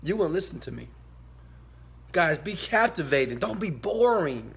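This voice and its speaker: A man giving a motivational talk to his viewers, emphatic and preachy, swinging from quiet asides to loud shouted bursts. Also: on the high side, sing-song, unhurried, husky. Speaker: motivational speaker.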